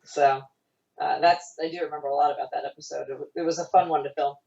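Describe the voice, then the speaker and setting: A middle-aged woman, a former child actor, talking fast and laughing often in a casual remote interview. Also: low voice, steady tone, creaky, mellow. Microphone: video call. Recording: roomy, distant, dull video-call audio.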